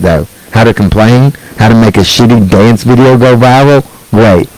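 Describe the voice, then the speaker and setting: A middle-aged man with a somewhat low voice rants on his own show. He is blunt and swears freely, circling back over his points with restarts. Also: darkish tone, dry recording, poor audio. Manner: blunt, profane and rambling, with many restarts. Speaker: online show host. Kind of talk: ranting solo monologue.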